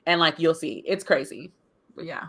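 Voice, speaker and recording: Bright, forceful woman co-host, expressive casual talk. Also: normal speed, creaky. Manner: expressive, rises in pitch when exasperated. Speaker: podcast co-host. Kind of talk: casual book club discussion.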